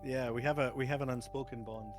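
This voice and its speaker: A man's voice: mid-range voice, fairly even intonation, quick pace, faint music behind. A man from Scotland with a Scottish accent, chatting casually on a live stream and telling stories with a joking manner. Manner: chatty, jokey storyteller who laughs often. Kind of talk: casual chat.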